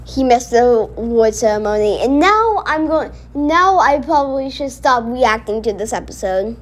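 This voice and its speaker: A woman's voice: a little high, expressive, normal speed. A woman giving casual reaction commentary, indignant and rambling as she talks back at a cartoon she is watching. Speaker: reaction video host.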